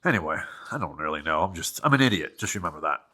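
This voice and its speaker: Lively, bright-voiced rambling man. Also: very deep voice, fast talker, slight background noise. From New Hampshire. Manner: rambling, joking, self-deprecating asides. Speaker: host working on an old vehicle. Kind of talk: casual running commentary while wrenching.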